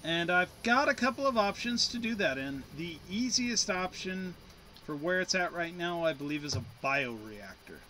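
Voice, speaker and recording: A man's voice: high voice, expressive, normal speed, pushed and bright, slight background noise. A man giving casual, playful commentary while he plays a game, chatting to himself as he goes. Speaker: gameplay commentator. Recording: game music playing behind.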